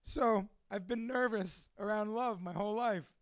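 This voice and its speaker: A man's voice: sits high, unhurried, no room sound, studio quality. A man from a Cuban family, a father of two, telling his life story in a candid, profane, emotional monologue. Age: adult with two children.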